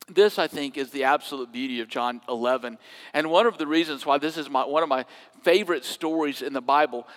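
A man preaching a sermon, swinging from loud emphatic quotes to hushed near-whispers. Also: fairly high pitch, long reverb tail. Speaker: pastor.

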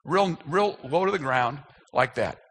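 A man's voice: fairly high pitch, expressive, unhurried, fairly bright tone, breathy edge. A man in his fifties, a speaker telling a self-deprecating, humorous personal story as part of a sermon.

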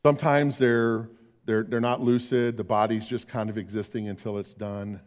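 An older man preaching a sermon as pastor, swinging between emphatic declarations and hushed, slow tender passages. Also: fairly low pitch, little pitch movement.

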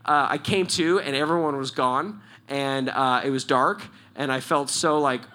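A man's voice: mid-range voice, a little slow, pushed and bright. A male church leader answering questions in a casual spoken teaching style. He tells stories with animation and laughs often.

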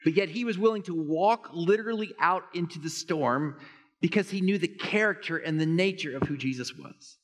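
A man delivers a sermon from the pulpit, his voice sitting a little high for a man. He grows animated, pushing up into high excited emphasis on his key points. The sound carries a long reverb, as if filling a large church sanctuary. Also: normal speed. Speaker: pastor.

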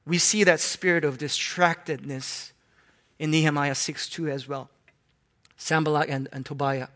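High-pitched guy preaching a sermon, gets loud then goes quiet. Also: unhurried. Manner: animated, swinging from hushed to loud.

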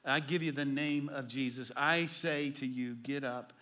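A man, a pastor preaching a sermon, telling stories and swinging between loud emphasis and hushed asides. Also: medium pitch, fairly even intonation, a little slow.

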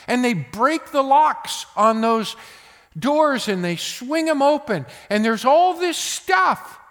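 Older male preacher, high lively voice, slow deliberate delivery, loud bursts and hushed asides, long hall reverb. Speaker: pastor. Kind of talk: sermon.

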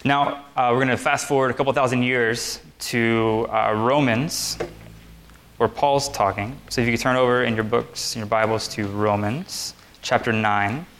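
A young man in the middle of an informal sermon, with a voice that sits at an ordinary, mid-range pitch for a man. He talks as if chatting with friends, loose and easygoing, full of little fillers. He is speaking to a group gathered on chairs in a meeting room. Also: moderate pace, a little hiss or hum. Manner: conversational, relaxed and chatty, with many fillers. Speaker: preacher. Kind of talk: casual sermon.

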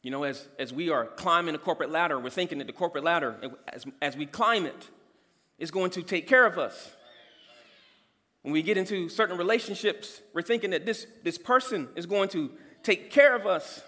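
High-voiced preacher man in a reverberant hall. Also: a little fast. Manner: emphatic preacher, swings from loud to soft. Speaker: pastor. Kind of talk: sermon.

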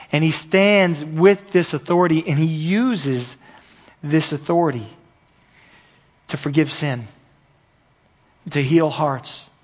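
A man preaching a sermon as pastor, earnest and repetitive, building in intensity at the peaks. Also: a little high.

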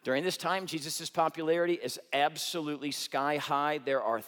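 Lively high-voiced male pastor preaching. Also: brisk, in a large hall. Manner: animated storytelling with humor, swings from loud to hushed. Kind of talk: sermon.

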